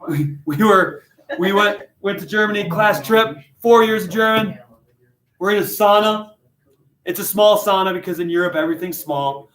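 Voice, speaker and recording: A man leads his literature class with a slightly high voice. He is animated and jokey and pokes fun at himself. The classroom gives his voice a strong echo. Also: moderate pace. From United States. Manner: jokey, animated, self-deprecating. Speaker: high school literature teacher. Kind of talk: classroom discussion and storytelling.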